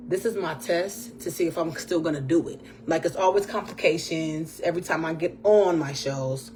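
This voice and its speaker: Chatty woman podcast host, throat-clearing. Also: low voice, moderate pace, a little mellow. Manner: churchy phrases, talks to absent guest. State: voice often strained. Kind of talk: casual solo chat about faith.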